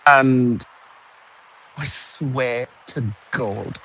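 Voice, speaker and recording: A man's voice: mid-range voice, expressive, unhurried, fairly bright tone. A man in his forties with a posh British accent, telling a sarcastic story in a casual vlog monologue. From United States. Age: 40s. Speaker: vlogger.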